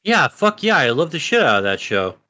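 A man's voice: fairly high pitch, very animated, a little fast, pushed and bright, no echo, studio quality. A man in his thirties, a podcast co-host, chatting casually and ranting with lots of swearing. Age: 30s. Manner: profane, emphatic rants. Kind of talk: casual chat.

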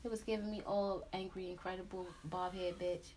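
A woman in her thirties hosting a casual podcast chat, loud and profane, laughing often. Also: on the low side, level tone, brisk, slight background noise. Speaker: podcast host.

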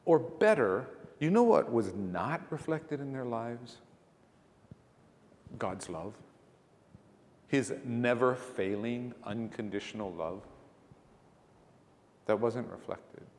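A male pastor preaching in a plain, conversational way, leaning on rhetorical questions and emphatic points. His voice sits at an ordinary middle pitch for a man. The sound carries a long, lingering reverb, like a large church hall. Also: expressive, slow, long pauses, a little hiss or hum. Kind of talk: sermon.

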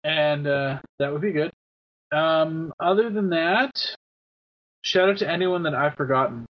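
A man's voice: on the high side, a little slow. Rambling man on a lo-fi podcast. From Canada. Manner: rambling with many fillers, swearing. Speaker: podcast host. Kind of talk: casual podcast chat. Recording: dull lo-fi podcast audio.

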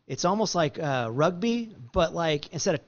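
A relaxed man chats casually and chimes in with short replies. His voice sits a little higher than most men's. The recording sounds a bit dull and lo-fi. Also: moderate pace. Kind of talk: casual chat.

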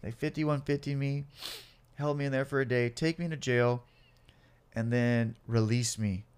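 A man's voice: medium pitch, unhurried, clear, resonant tone. A man in his late twenties or older telling his own life story in a casual interview, swearing a lot and acting out the other people in it. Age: late 20s or older. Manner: profane, animated, acts out cops and himself.

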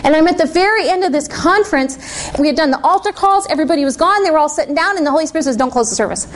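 A woman preacher telling a personal story in a lively sermon to a church congregation, laughing often. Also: high voice, very fast, a little hiss or hum.

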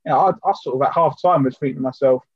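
A man's voice: medium pitch, very fast, husky, no room sound, highs cut off. A man co-hosting a football podcast from home, talking in a rambling, chatty way full of fillers. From United Kingdom. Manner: chatty, full of fillers and "do you know what I mean". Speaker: podcast co-host. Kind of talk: casual chat.

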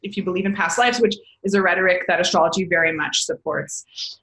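Speaking briskly with fairly even intonation, a woman with a fairly low, fairly bright voice is heard in an echoey room on a low-quality recording. She's a podcast guest explaining astrology casually, rambling, chatting, correcting herself often and calling the listener babes.

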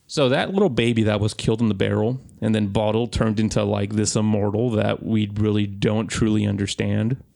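A man in his thirties co-hosting a podcast, telling an animated story in casual chat and swearing freely. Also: lowish voice, a little fast, vocal fry, few pauses. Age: 30s. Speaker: podcast co-host.

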